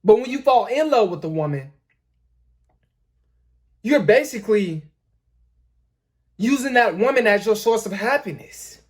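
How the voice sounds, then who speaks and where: A man's voice: high voice, lively intonation, a little slow, long pauses. A man hosting a dating-advice talk, lecturing emphatically, repeating his points and addressing his viewers as guys. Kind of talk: lecturing commentary.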